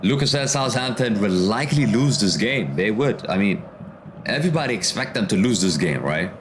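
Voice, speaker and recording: A man with a lowish, expressive voice speaks at a moderate pace while hosting a casual football watchalong livestream over background noise. He reads out viewer comments and answers them, and calls out the match action. His slangy style features "bro" throughout this live commentary and chat reading.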